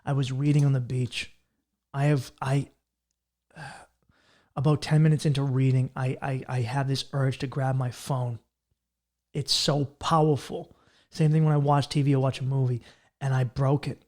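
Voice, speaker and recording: A man, hosting a solo comedy podcast, ranting in a profane, fast-talking way and jumping into mocking voices. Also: medium pitch, little pitch movement, a little mellow. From Massachusetts. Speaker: podcast host.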